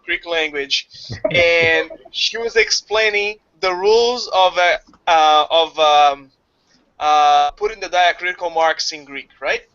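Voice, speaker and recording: A man who speaks natively, telling a story in casual chat with lively retelling. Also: fairly high pitch, slow, clean tone. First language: Portuguese. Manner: animated storytelling, acts out voices. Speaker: study group organizer. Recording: dull lo-fi audio.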